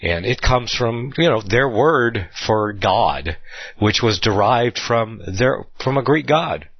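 A man giving an unscripted Bible study talk, rambling with fillers and restarts, slowing down to stress key words. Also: mid-range voice, expressive, breathy edge, no room sound, dull audio.

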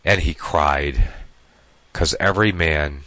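A man's voice: extremely low pitch, slow, bright, forceful tone, no room sound. A man reading a Bible passage aloud and stopping to explain it in plain, casual talk. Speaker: Bible teacher. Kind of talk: scripture reading with commentary.

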